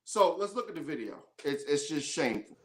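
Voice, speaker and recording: A woman's voice: low-pitched, very animated, fairly quick, heavy background noise. A woman hosting an independent sports show, delivering a heated, emphatic opinion monologue.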